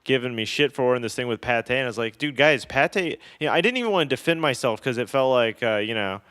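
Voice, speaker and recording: A man co-hosting a casual podcast, recounting his travels with a profane, self-deprecating humor. His voice is smooth and resonant, and it sounds close and dry with no room around it. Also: medium pitch, animated, fast talker, a bit bright, dry recording. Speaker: podcast co-host. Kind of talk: casual chat, travel storytelling.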